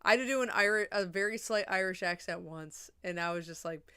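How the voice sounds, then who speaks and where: A young woman chatting casually on a livestream, rambling and swearing, a little drunk and high. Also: fairly quick, hardly any pauses, pushed and bright, smooth.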